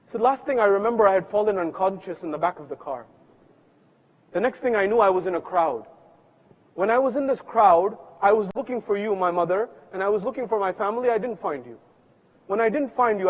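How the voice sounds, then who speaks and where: Man, preacher, high voice, dramatic storytelling, live mosque hall reverb. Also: dull audio. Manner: dramatic storytelling, voicing the story's people with swings from loud to hushed. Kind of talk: sermon storytelling.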